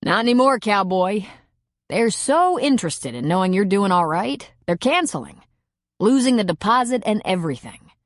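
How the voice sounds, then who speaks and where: A woman's voice: medium pitch, very animated, normal speed, no echo, studio quality, lightly acted. A woman voicing a wry, teasing older man in an audiobook.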